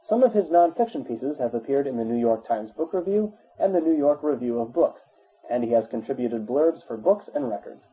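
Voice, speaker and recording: A man reading an encyclopedia article aloud in a measured, even way. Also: medium pitch, husky, low-quality recording. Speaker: narrator.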